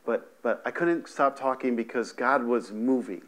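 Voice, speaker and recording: A man's voice: mid-range voice, normal speed, a bit bright. A man preaching a sermon from a living room to a camera, often restarting his sentences and checking in with "amen" and "right". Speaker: pastor. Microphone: camera in front of him, seated on a stool.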